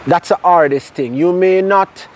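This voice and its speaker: Animated Jamaican man telling his story. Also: high voice, measured pace, a little hiss or hum. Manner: animated storyteller mixing in patois. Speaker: interview guest. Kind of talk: personal testimony in casual conversation.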